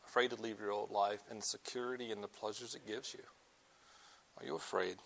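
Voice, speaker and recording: A young man giving a sermon to students, earnest, moving between loud emphasis and soft, slow pleading. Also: fairly low pitch, steady tone, vocal fry, a little hiss or hum. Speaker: campus ministry speaker.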